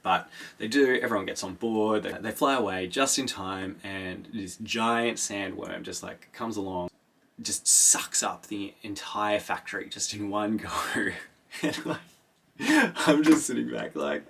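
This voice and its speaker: A man talks through a book in a loose, rambling podcast chat. His voice sits a bit low, with a gravelly crackle and a husky edge. He swears freely and slips into quick voices for the characters. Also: fairly bright tone. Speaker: podcast host. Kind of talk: casual book recap.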